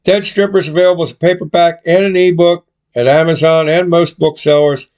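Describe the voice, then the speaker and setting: A man reading a chapter of his own novel aloud in plain, measured narration, on a dull lo-fi recording. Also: fairly high pitch, fairly even intonation, a little mellow.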